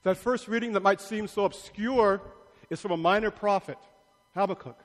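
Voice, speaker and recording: A priest giving a sermon in a large church, playfully asking the congregation questions and bantering with them. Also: male voice, sits high, moderate pace. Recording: long church reverb.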